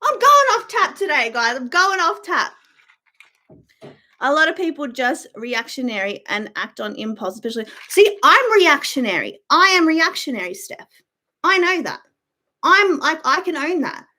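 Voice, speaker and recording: A woman's voice: high voice, very animated, moderate pace, pushed and bright. A woman live-streaming a blunt, profane rant as she answers viewer comments. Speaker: YouTuber live-streaming to chat. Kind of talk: casual ranting live-stream chat.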